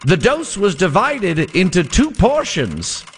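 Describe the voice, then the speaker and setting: A man voicing a florid old-time male radio sportscaster in a theatrical, drawn-out period delivery. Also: high-pitched, huge pitch swings, a little hiss or hum, voice pushed up, full character voice.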